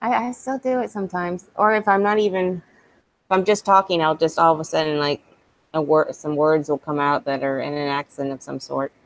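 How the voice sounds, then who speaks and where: Casual podcast woman: lowish voice, dry close sound, chatty and profane. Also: fairly even intonation, moderate pace, no room sound. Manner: chatty, swears freely, laughs often. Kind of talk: casual chat.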